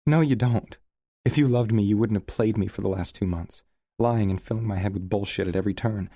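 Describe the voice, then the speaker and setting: Audiobook: man doing a fiery young woman, raised pitch, shouting and tearful, dry read. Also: brisk, no room sound. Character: angry hurt young woman, fiery temper. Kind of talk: audiobook character voice.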